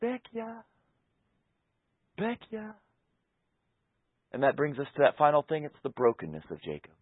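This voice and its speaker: A pastor preaching a sermon, moving between loud, passionate peaks and soft, intimate stretches. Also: male voice, mid-range voice, sing-song, fast, no echo. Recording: tinny phone-like sound.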